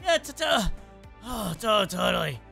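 A woman's voice: mid-range voice, very animated, normal speed, gravelly, fairly bright tone, faint music behind, heavily acted. A woman voicing a jumpy male animatronic fox boyfriend in casual online role-play, stammering and nervously bluffing. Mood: flustered.

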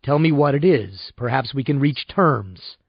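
A male narrator playing a controlled, practical lawyer in an audiobook, measured and lawyerly in every sentence. His voice moves lively in pitch. The recording is dry and slightly muffled. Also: husky, no room sound. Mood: cool.

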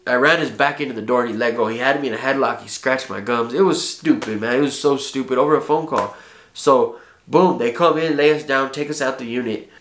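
A man's voice: medium pitch, fairly quick, fairly bright tone, a little hiss or hum. A man telling a personal story in casual, heartfelt street slang, with frequent profanity. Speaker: vlogger. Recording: echoey room.

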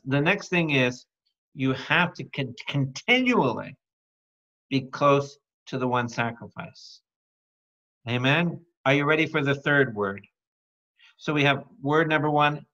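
A bright-voiced man preaching a Bible study in a slow, deliberate pace, quizzing his audience and joking with them. The recording is dull and lo-fi. He keeps a playful, engaging manner throughout. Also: mid-range voice. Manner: calls out to the audience with repeated questions; playful, jokes and breaks into song. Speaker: priest teaching a Bible study. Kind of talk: lively Bible study teaching.

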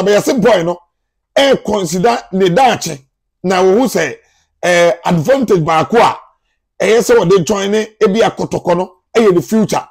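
A Ghanaian man with a notably high-pitched voice delivers football transfer updates for his own channel. He keeps it chatty and lively and addresses his viewers like family members gathered around. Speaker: sports journalist, YouTube channel host. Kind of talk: casual sports transfer news vlog.

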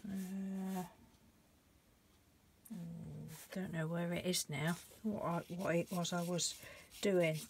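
Slow, chatty woman painting. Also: on the low side, steady tone, darkish tone, slight background noise. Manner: chatty, thinks aloud while painting; gushes over colours. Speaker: craft channel host. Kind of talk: casual painting tutorial.

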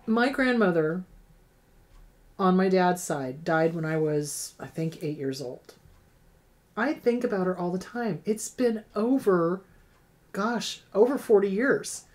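A woman's voice: fairly low pitch, animated, slow, darkish tone. A middle-aged woman therapist hosting an advice show, answering viewer questions in a frank, emphatic way that repeats key points.

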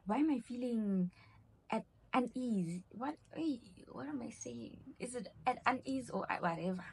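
Husky young woman, chatty storytime vlogger, voices the people in her tale. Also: on the high side, moderate pace. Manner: animated storyteller acting out quoted dialogue. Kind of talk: storytime vlog.

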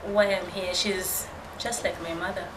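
A woman's voice: lowish voice, fairly even intonation, measured pace. A woman guest earnestly telling her story in casual conversation. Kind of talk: casual chat. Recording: roomy with background noise.

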